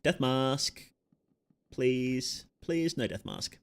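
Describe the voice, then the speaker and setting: With an animated, medium-pitched voice at normal speed, this Australian gamer chats casually through his stream. He drifts along and interrupts his own sentences with asides about his play.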